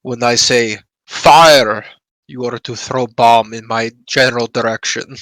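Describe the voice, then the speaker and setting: A man's voice: medium pitch, fairly even intonation, unhurried, a bit bright, dry recording, lightly acted. A man voicing an odd male warrior who speaks blunt, broken sentences without articles. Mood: earnest. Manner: drops articles, earnest, blunt.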